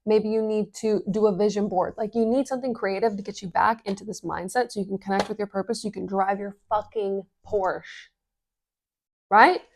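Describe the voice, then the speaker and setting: Upbeat woman with a gravelly voice. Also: medium pitch, fairly quick. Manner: energetic, swears casually, many "like" fillers. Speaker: business coach. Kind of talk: casual explainer vlog.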